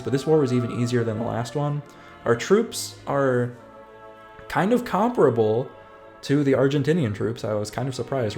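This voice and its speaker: A man's voice: mid-range voice, a little mellow. A man giving casual, upbeat, jokey commentary over his strategy game playthrough. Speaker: gaming channel host. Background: faint game music.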